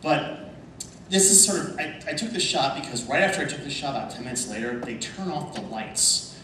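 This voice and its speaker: A man telling lively anecdotes to a convention panel audience, often laughing. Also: medium pitch, a little fast. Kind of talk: storytelling at a panel. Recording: echoey hall from far off, background noise.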